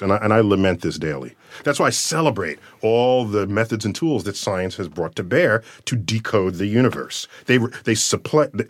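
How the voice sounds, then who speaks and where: Man, science guest, lively explainer with big theatrical emphasis. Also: fairly low pitch. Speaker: astrophysicist guest. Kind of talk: casual conversation.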